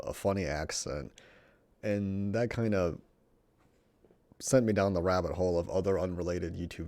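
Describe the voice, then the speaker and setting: A man's voice: low-pitched, darkish tone, dry recording. A young man talks in a loose, casual monologue, reviewing a show he loves. He swears often, trips over his words, and grows more and more worked up as he gushes.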